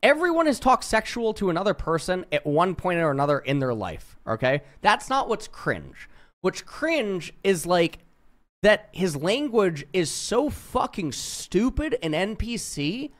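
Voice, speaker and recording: A man's voice: high voice, big pitch swings, measured pace, a bit bright. A young man streaming, giving casual commentary in a blunt, profane way, full of "like". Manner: profane, blunt, heavy use of "like". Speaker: streamer reacting to chat logs.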